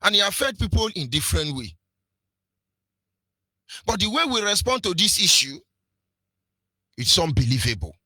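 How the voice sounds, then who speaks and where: A man's voice: sits high, sing-song, moderate pace, pauses often, bright, forceful tone, no room sound. A man with a Nigerian accent giving impassioned political radio commentary, preachy, firing off rhetorical questions and sing-song emphasis. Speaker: radio presenter.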